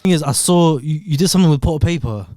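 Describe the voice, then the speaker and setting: A man's voice: fairly high pitch, fast, mellow. A man hosting a podcast, encouraging his guest with lots of affirming yeahs. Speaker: podcast host. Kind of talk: casual chat.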